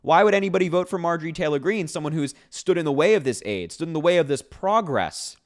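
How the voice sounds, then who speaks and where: A man's voice: on the high side, expressive, fast talker. A man giving casual political commentary to camera, sarcastic and incredulous as he reacts to posts, breaking into laughs between points.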